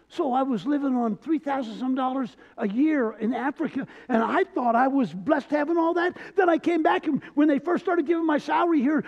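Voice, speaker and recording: A middle-aged man preaching a live sermon, his voice strikingly high for a man. He moves between loud, shouted emphasis and quiet, halting stories. The recording sounds slightly muffled and carries the long reverb of a church hall. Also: gravelly. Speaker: pastor. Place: church sanctuary.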